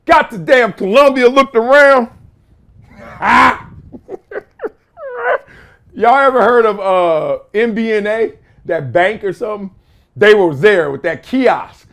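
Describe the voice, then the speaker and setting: A man in his fifties hosting his own show from a room at home, telling stories in a casual, slangy way that bursts into shouts and laughter. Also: sits high. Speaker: show host. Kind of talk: casual storytelling monologue.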